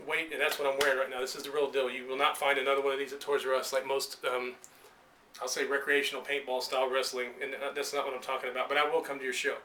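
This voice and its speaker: A man rattles off a wrestling promo at speed, his voice bright and pressing. He rambles, restarts, and swings between intensity and emotion, as a self-made pitch to promoters. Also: slight background noise. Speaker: independent pro wrestler.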